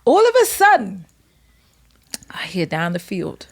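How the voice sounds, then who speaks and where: Animated woman telling a story. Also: medium pitch, measured pace, gravelly, long pauses, slightly rough. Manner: animated, acts out quotes with laughs. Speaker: podcast guest. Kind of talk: casual storytelling.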